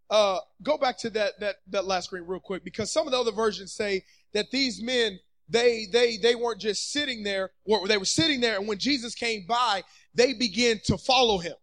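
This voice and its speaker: Preacher guy on a church stage, really high voice, gets fired up and shouts. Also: poor audio. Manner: fervent, builds to shouting, acts out quotes. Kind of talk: sermon.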